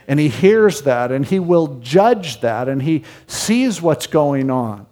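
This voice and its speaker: A man's voice: on the high side, very animated, slow pace, mellow. A man preaching a Bible-teaching sermon in a conversational way, often asking rhetorical questions. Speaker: pastor. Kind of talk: expository sermon. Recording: long hall reverb.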